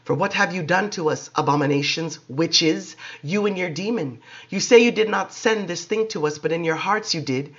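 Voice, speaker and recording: Man doing a wrathful vampire queen, accusing, somewhat lower voice, dull lo-fi sound. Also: normal speed, few pauses, fairly bright tone, slightly rough. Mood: furious. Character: raging newly made vampire queen, woman. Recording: dull lo-fi recording.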